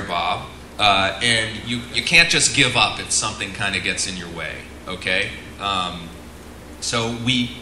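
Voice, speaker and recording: Bright-voiced man lecturing in echoey room. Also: on the low side, slight background noise. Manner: casual, joking, asks the room questions. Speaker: flight instructor. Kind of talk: seminar lecture to an audience. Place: seminar room.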